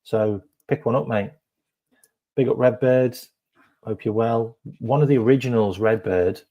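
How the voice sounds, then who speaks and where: A man's voice: mid-range voice, measured pace, highs cut off. A man hosting a casual live stream, chatting to viewers with lots of ums and repeated phrases.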